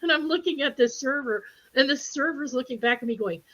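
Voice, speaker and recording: Woman, animated storyteller, laughs a lot, higher voice, dull lo-fi sound. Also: a little fast. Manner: animated, laughs often, acts out voices in stories. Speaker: spiritual group speaker. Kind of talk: casual storytelling in a group chat. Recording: dull lo-fi livestream audio.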